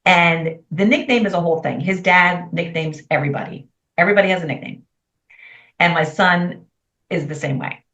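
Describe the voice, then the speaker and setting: A middle-aged woman telling stories in a candid interview, chatty and expressive. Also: lowish voice, normal speed. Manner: chatty, expressive, quotes herself in lively voices. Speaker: guest. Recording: far from mic in an echoey room, dull sound.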